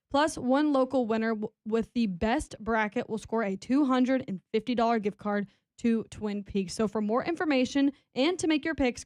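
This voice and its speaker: A woman with a fairly high voice reads a radio contest promo in an upbeat announcer style. The sound is dry and close, with no room echo. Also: a little mellow. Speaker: radio co-host. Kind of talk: reading a promo, then chat.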